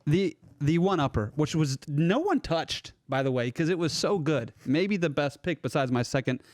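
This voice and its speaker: A man with a fairly high voice rants through his list in an animated, jokey way. The sound is dry and close. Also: moderate pace, no echo. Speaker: podcast co-host. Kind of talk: casual podcast chat.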